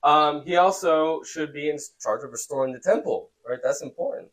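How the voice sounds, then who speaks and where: A man's voice: on the high side, moderate pace, a bit bright, low-quality recording. Casual man teaching a youth class. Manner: conversational, checks in with "okay?" often.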